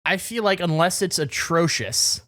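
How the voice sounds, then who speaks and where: A man's voice: high-pitched, animated, normal speed, fairly bright tone. A man co-hosting a podcast, telling stories in a rambling, self-deprecating way in casual chat. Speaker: podcast co-host.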